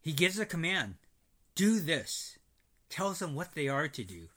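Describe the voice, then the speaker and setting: A man's voice: a little high, sing-song, measured pace, bright, forceful tone. A man preaching on a Bible passage, emphatic and repeating his points in new words. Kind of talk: Bible teaching.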